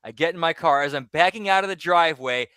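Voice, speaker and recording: Rambling man with a bright voice. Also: on the high side, fast, smooth, no echo, clean studio sound. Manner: rambling, loose, trails off quietly. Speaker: podcast co-host. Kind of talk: casual storytelling chat.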